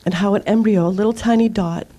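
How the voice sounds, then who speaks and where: A woman's voice: medium pitch, fast talker. Earnest middle-aged woman giving a spiritual talk. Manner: earnest, animated storytelling with acted-out outbursts. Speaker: spiritual teacher leading a group. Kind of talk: informal spiritual talk to a group.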